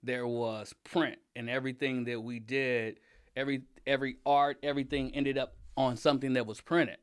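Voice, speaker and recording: A middle-aged man in a relaxed interview, speaking in an emphatic, animated way. His voice sits in an ordinary middle pitch, and he laughs easily and turns loud when riled up. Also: moderate pace, smooth. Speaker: interview guest, father and design director. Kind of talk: casual conversational interview.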